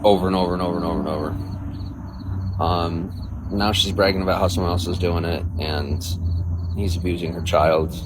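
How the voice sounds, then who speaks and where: A man's voice: low-pitched, steady tone, moderate pace, background noise. A man livestreaming, chatting casually with viewers and reading out their comments in a crude, boastful, rambling way.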